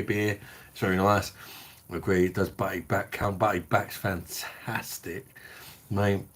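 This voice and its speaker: A deep-voiced English man hosting a beer review channel chats casually on a live stream while tipsy from drinking. He's blokey and sweary and reads out comments from viewers.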